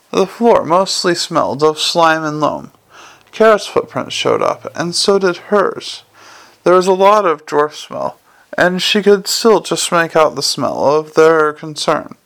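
A man reading a fantasy novel aloud as the narrator, in a steady storytelling manner. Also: on the high side, measured pace, gravelly. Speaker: audiobook narrator. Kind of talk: scripted narration.

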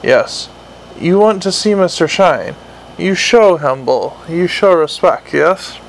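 A man voicing a huge, gruff troll sergeant who speaks slow, broken English. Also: high-pitched, expressive, a little hiss or hum, heavily acted, rough recording. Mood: angry. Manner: broken grammar, slow dragged-out words.

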